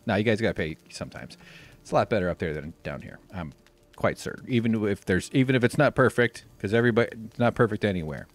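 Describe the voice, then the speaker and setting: A man from the United States hosting a live stream, talking in a rambling, sarcastic way with deadpan jokes. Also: fairly low pitch, fast talker, no echo. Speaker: livestream host. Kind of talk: casual live-stream chat.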